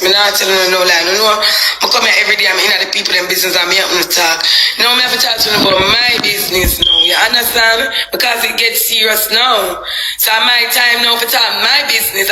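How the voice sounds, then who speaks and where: A man's voice: high voice, fairly even intonation, fast, bright, forceful tone, reverberant, poor audio. A man with a Jamaican accent, talking to his live-stream viewers in Patois in a rambling, confessional way.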